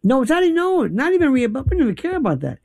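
Gravelly, animated talk radio host. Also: male voice, very high voice, racing. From New York. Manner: animated storytelling, acts out quoted people. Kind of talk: opinionated talk radio monologue.

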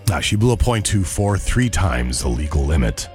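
A man's voice: sits low, big pitch swings, moderate pace, a little mellow, faint music behind. A man hosting a morning radio show, chatty and wry, reading ads and news. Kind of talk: casual radio banter and live reads.

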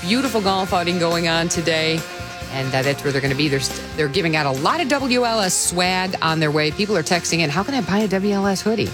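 With music in the background, a woman with a Chicago accent hosts a radio show from a studio, chatting and reading listener texts on a studio mic. She talks quickly in a lowish voice with lively intonation.

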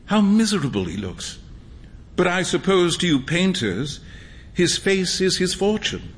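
A man putting on a kindly, easygoing young gentleman who speaks earnestly and gently, pitched a little high and lively. The voice carries a long, hall-like reverb, as in a storybook reading. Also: unhurried.

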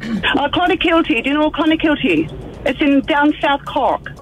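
Lady doing a high bubbly irish girl voice, backpacker on holiday, with music behind. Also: animated, moderate pace. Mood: cheery. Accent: Irish, put on. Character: cheery young Irish woman traveller. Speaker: caller.

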